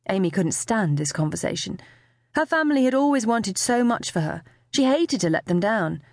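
A woman narrating a novel as an audiobook, with expressive storytelling. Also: mid-range voice, fairly quick, no room sound, clean studio sound. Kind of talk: scripted narration.

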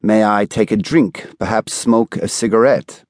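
A man's voice: fairly low pitch, a little slow, a little mellow, no room sound, studio quality, close to an everyday voice. A man doing a terse middle-aged gunman. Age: 40s. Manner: terse, clipped replies.

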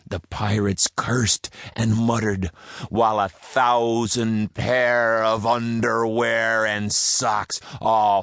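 Male storybook narrator, sing-song rhyming delivery, unhurried pace. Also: lowish voice, fairly bright tone, no echo, clean studio sound. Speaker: audiobook narrator. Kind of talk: reading a rhyming story aloud.

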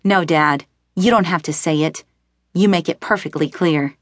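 Woman voicing a bitter young man shouting. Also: low voice, normal speed, no echo, clean studio sound. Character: angry young man yelling at his father.

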